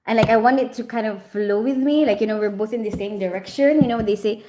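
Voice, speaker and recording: A woman's voice: mid-range voice, quick pace, noisy background. A middle-aged woman hosting a casual live stream, reading the chat, laughing often and playfully scolding a viewer. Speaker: livestream host reading chat.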